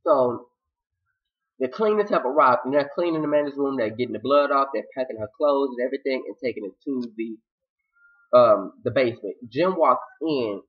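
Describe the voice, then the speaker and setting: A man giving a casual TV episode recap, with a slangy, animated and dramatic way of telling it. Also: medium pitch, normal speed, slightly rough. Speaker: TV recap vlogger. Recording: slightly dull lo-fi audio.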